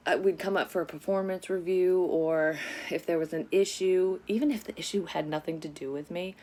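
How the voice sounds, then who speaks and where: A woman's voice: lowish voice, a little mellow. A woman vlogger telling a personal story in a casual, rambling way, swearing often and drifting onto side topics. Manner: rambling, frequently sidetracked; swears often, frank and confessional. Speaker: psychic medium vlogger.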